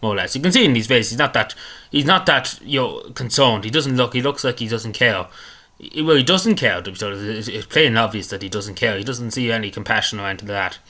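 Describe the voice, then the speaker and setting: A man talks quickly and with some force in a bright tone. He rambles through an indignant commentary on a clip and keeps circling back to the same points. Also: on the low side, expressive. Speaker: political commentator. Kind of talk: casual commentary on a video clip.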